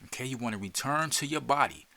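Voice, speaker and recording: Jersey-accented male podcast host, bright voice, streetwise coaching that slips into whispers. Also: mid-range voice, fast talker, creaky. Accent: New Jersey. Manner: loose and streetwise, repeats words, drops into whispers. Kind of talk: casual guided instruction.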